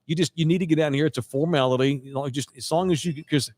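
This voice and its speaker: A man's voice: on the high side, quick pace, dry recording. Man telling a story, dry studio sound. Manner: animated storyteller quoting others, frequent restarts. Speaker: podcast host. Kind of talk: casual storytelling chat.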